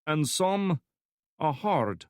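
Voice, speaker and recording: A man's voice: fairly high pitch, sing-song, drawn-out words, darkish tone, clean tone, no room sound, clean studio sound, voice pushed up, exaggerated voice. A male narrator voicing a wiry, jovial Slavic torturer with a heavy Slavic accent who masks threats with friendly banter. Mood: menacing.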